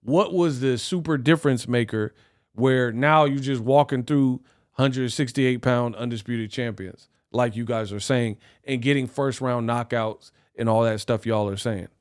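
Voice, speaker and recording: A man's voice: medium pitch, a little slow, smooth. Ranting man hosting a live stream. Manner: animated, ranting, laughs often. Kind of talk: casual reaction rant.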